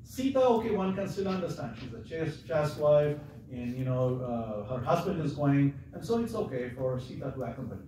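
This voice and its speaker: A man tells a devotional story to a seated crowd, relaxed and chatty, stopping often to check that his listeners follow. He sounds distant from the microphone, and the hall rings with heavy echo. A steady background noise runs underneath. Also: mid-range voice, normal speed, few pauses. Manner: conversational, keeps checking with the audience. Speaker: visiting lecturer. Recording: echoey hall, far from the mic, audible noise.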